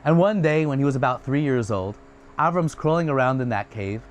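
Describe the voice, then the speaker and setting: A man retelling a religious story in a casual, chatty way, swinging between excited and hushed. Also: mid-range voice, brisk. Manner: animated, swings from loud excited to hushed soft; chatty asides.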